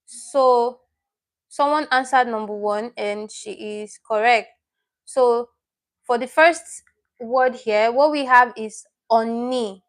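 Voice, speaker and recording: A woman's voice: a little high, slow pace. Chatty woman teaching a live class. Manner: chatty, repeats and corrects herself; reads out viewers' names and comments. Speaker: online Korean teacher. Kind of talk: live-stream lesson.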